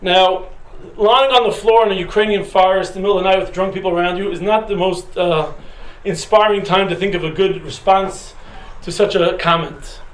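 A man's voice: high-pitched, steady tone, normal speed. A man teaching a class who tells a personal story in a casual, humorous, chatty way with fillers. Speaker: Torah teacher. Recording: roomy echoing room with faint noise.

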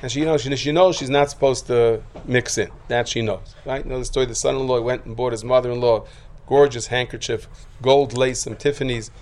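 A man giving a sermon full of stories, acting out voices and rising to loud bursts. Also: mid-range voice, brisk, hardly any pauses. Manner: lively storyteller who acts out quotes, rising to loud outbursts. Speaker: rabbi giving a talk.

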